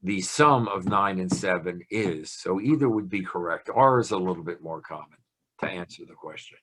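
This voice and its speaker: A man's voice: low voice, lively intonation, moderate pace, fairly bright tone. An older man speaking on a video call, giving a playful, chatty talk about grammar and punctuation. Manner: playful, chatty lecturer with a teasing tone. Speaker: guest speaker on language.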